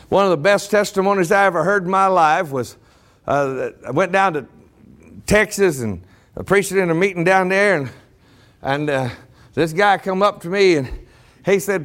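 A man's voice: high-pitched, moderate pace, a bit bright. A male preacher telling a story fervently in a revival sermon, repeating himself for weight.

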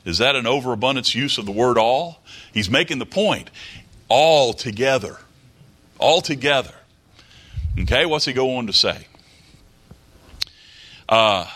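A male pastor delivering an emphatic sermon, quoting scripture and driving his points home by repetition. His voice is bright and forceful, and his pitch rises and falls with lively animation. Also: measured pace, long pauses. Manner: emphatic, repeats phrases, quotes scripture.

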